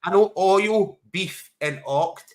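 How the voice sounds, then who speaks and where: A man's voice: high-pitched, slow pace, a crowd in the background. A man co-hosting a football watchalong livestream, teasing his co-host with laughter and casual chat.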